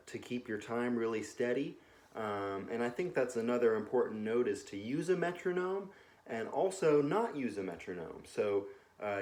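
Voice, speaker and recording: A young man with a fairly low voice teaches a music lesson from a couch at home. He talks in a relaxed, unhurried way, full of ums and uhs, and counts beats out loud as he explains. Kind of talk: casual instructional talk. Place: home living room, on a couch.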